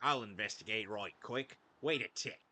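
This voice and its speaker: A man streaming a video game, chatting casually in quick asides. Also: fairly low pitch, pushed and bright. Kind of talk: casual gameplay chat.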